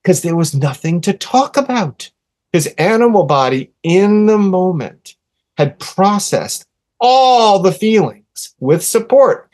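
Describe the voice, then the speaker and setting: A man in his sixties, a podcast guest, telling a personal story earnestly and with animation, softening to a hush when quoting gentle words. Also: high-pitched, very animated, slow pace. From USA. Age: 60s. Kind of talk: casual storytelling in an interview.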